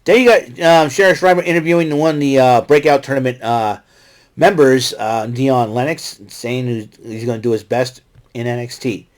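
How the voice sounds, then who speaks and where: A man hosting a casual solo wrestling recap show, rambling and excitable, who talks back to the wrestlers he describes. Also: medium pitch, moderate pace. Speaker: podcast host recapping wrestling.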